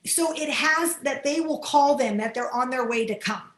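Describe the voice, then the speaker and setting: High-voiced earnest woman on a video call. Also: normal speed. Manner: earnest, emotional, laughs often. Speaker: volunteer call coordinator. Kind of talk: Zoom training talk. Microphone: computer mic on a video call. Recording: roomy echo on a video call.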